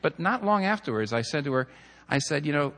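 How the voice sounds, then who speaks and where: A man's voice: fairly high pitch, sing-song, a little fast, a bit bright. A man preaching a sermon in an earnest, storytelling manner, building to emphatic points. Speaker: pastor. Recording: long hall reverb.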